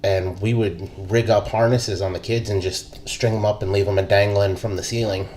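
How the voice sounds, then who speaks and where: A man's voice: lowish voice, steady tone, moderate pace, darkish tone. A man in his thirties, an army veteran, telling stories in casual podcast chat, laid-back and profane, laughing as he goes.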